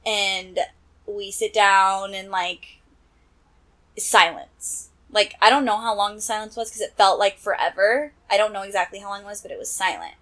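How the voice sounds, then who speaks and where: A woman's voice: medium pitch, fairly even intonation, moderate pace, fairly bright tone. A woman from Nebraska, a guest telling a personal story in casual chat, filling her talk with "like". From Nebraska, USA. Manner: chatty, heavy use of "like" fillers.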